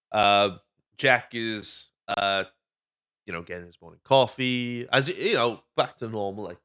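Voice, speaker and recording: A man's voice: lowish voice, fairly bright tone. A Welsh man hosting a podcast, chatting casually through a movie recap, swearing freely and drifting off on tangents. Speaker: podcast host.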